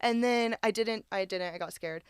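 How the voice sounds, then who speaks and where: Chatty young woman, smooth clear voice. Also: medium pitch, normal speed, no echo, studio quality. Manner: chatty, swears freely, laughs often. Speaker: podcast co-host. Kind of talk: casual storytelling chat.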